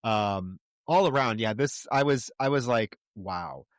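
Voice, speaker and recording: A man's voice: medium pitch, dry recording, clean studio sound. Reflective man recapping a film plot. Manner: measured, reflective, gathers his thoughts aloud. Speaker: podcast co-host. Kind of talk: casual film discussion.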